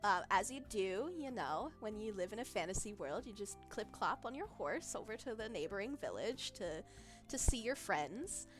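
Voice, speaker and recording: A woman's voice: medium pitch, expressive, normal speed. A woman streaming as a vtuber, chatting casually, giggling often and losing her train of thought as she reacts to chat. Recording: faint background music.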